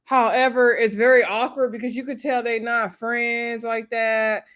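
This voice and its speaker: A woman's voice: on the high side, level tone, unhurried, fairly bright tone. A woman, chatting casually and rambling as she recaps a reality show, acting out what the cast said. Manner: chatty and rambling, acts out quotes.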